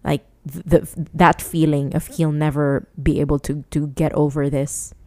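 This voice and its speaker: A woman's voice: low voice, little pitch movement, moderate pace, warm tone. A woman co-hosting a podcast, talking earnestly and with rising indignation, with frequent restarts. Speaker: podcast co-host. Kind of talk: casual chat.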